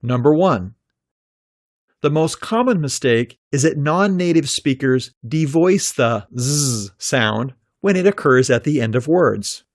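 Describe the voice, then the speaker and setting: A man narrating a scripted pronunciation lesson, speaking slowly and carefully and drawing out each example sound. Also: mid-range voice, lively intonation, no echo, studio quality. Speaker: pronunciation teacher.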